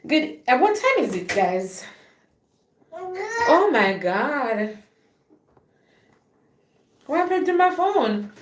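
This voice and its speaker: A young adult woman, chatting casually on a live stream and loudly urging her dog along between asides. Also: high-pitched, sing-song, drawn-out words, pauses often, noisy background.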